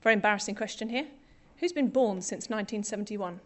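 A woman's voice: medium pitch, quick pace, a bit bright. A middle-aged woman from Britain preaching a sermon to a congregation, conversational and self-deprecating with humour.

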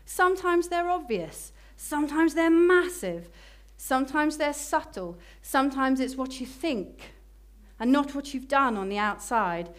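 A woman preaching a sermon, slowing down to stress key phrases. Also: high-pitched, animated. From Britain.

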